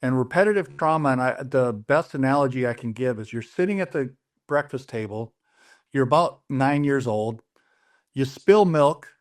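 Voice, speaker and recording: A middle-aged man telling his personal story in an interview, earnest and plain-spoken, often restarting his sentences as he retells conversations. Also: medium pitch. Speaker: interview guest.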